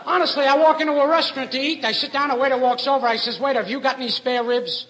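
A man telling rapid stand-up jokes in deadpan one-liners, on an old broadcast recording. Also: very high voice, a loud crowd, very noisy. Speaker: stand-up comedian.

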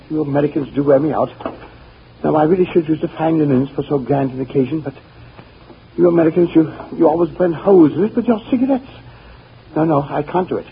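Burberry, a fussy pompous gentleman. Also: a little high, gravelly, a little hiss or hum. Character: fussy pompous gentleman, husband fretting over his linens. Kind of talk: 1930s radio drama acting. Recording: dull lo-fi old radio recording.

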